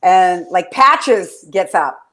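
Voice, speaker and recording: A woman co-hosting a show in casual chat, excitable and rambling as she tells stories. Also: lowish voice, slow. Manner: bubbly, excitable, rambling storyteller. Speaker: podcast co-host.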